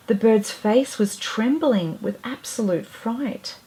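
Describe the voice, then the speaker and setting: Woman storyteller, rhyming picture book, gentle and expressive, slow pace. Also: fairly high pitch.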